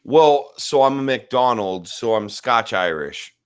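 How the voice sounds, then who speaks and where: A man's voice: mid-range voice, lively intonation, slow pace, clean tone. A man chatting casually as a podcast guest, laid-back and easygoing, with casual slang.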